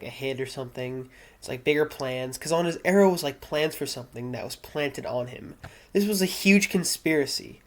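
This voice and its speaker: Rambling young man recapping an episode. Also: fairly high pitch. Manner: rambling, with frequent fillers and self-corrections. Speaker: vlogger reviewing a TV episode. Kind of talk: casual solo review, recapping the plot.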